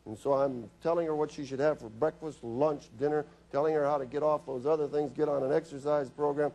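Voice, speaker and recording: A man's voice: on the high side, steady tone, a little fast, dark tone. A middle-aged man, a physician, telling humorous stories from his practice in a health talk, acting out his patients' lines. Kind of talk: storytelling health lecture.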